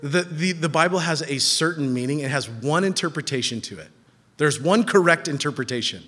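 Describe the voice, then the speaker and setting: High-voiced man preaching in a reverberant hall. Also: animated, brisk, a bit bright, husky. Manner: emphatic, repeating phrases for stress, with asides to the congregation. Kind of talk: sermon.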